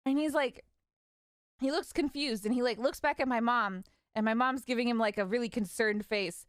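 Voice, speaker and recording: A young woman streamer casually telling stories about her parents, animated and laughing, acting out their lines. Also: on the high side, normal speed, no room sound, clean studio sound. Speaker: vtuber streamer. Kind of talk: casual storytelling.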